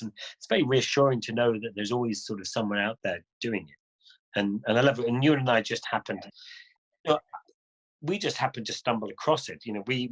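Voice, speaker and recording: A man's voice: on the low side, husky, poor audio. A middle-aged man, a guest adventure motorcyclist, telling stories in a casual way and acting out other people's lines. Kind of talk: casual conversational storytelling.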